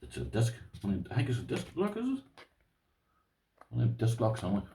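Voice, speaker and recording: A man's voice: lowish voice, huge pitch swings, fairly quick, warm tone, roomy sound, far from the mic, slight background noise. An Irish man with a rambling, chatty manner, showing his lock collection to viewers and calling them "boys". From Ireland. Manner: rambling, talks to viewers as "boys", uses "this here". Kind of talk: casual show-and-tell to camera.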